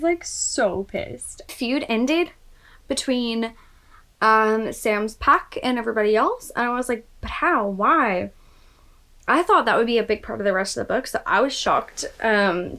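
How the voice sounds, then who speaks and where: A woman's voice: medium pitch, a bit bright, low-quality recording. A woman vlogger reacting to a book in casual chat, gushing and exclaiming often, sometimes dropping into a whisper.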